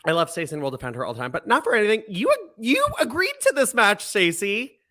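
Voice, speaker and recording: A man co-hosting a podcast in a loose, chatty way. His pitch swings widely and sits a bit high for a man, and he laughs often while acting out what the wrestlers say. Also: fast talker. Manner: animated, laughs often, acts out wrestlers' lines. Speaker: podcast co-host. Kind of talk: casual chat recapping wrestling.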